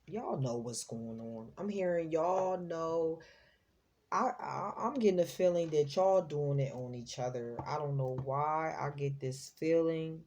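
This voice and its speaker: A woman's voice: low-pitched, unhurried, a little mellow. A woman hosting a tarot reading, talking in a chatty, slangy way and exclaiming as she reads the cards. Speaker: psychic tarot reader, host.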